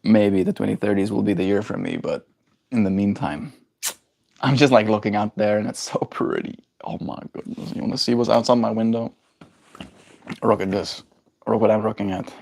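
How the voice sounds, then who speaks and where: Young South African male streamer, low gravelly voice, loose joking chat with viewers. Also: moderate pace, darkish tone, dry recording. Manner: joking, reads chat aloud and answers it. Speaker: livestreamer. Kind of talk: casual live-stream chat.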